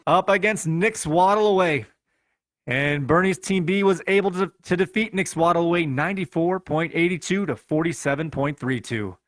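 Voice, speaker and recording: A man's voice: on the high side, moderate pace, fairly bright tone, no echo, faint music behind. Upbeat man recapping fantasy football scores. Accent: Chicago. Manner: playful, reads scores in a running recap. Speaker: podcast host.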